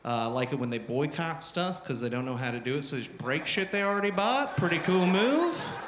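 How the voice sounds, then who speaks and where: A man doing stand-up comedy on a club stage, profane and animated, who sometimes shouts at the crowd. His voice sits high and bright. The recording has a roomy, echoing sound with faint ambience behind it. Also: fairly quick, noisy background. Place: live comedy venue on stage.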